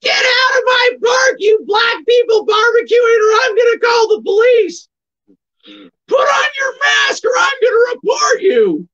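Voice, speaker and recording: A man putting on a shrill falsetto voice to play an entitled middle-aged woman shouting demands and threats. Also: expressive, measured pace, lo-fi sound, heavily acted. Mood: shrill outrage.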